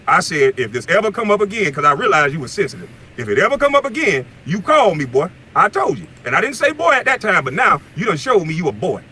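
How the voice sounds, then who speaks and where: Furious fast-talking man ranting in a car. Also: on the high side, a little hiss or hum. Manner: heated, insulting, shouting at times. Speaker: former basketball player ranting on video. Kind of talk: angry profane rant.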